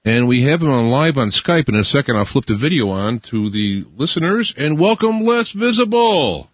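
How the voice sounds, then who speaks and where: Man hosting talk radio, lively pitch, husky voice, dry sound, slightly dull audio, faint music. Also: no echo. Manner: halting, many fillers and restarts. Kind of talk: casual radio interview.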